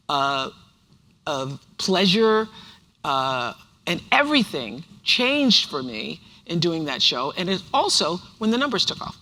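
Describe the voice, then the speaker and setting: An older woman from the United States tells stories on a stage mic, emphatic and fond of repeating herself for effect. Her voice is forceful and bright. The large auditorium lends it a long, reverberant tail. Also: sits low. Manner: emphatic storytelling with repetition. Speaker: author on stage. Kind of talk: onstage conversation. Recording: reverberant hall sound.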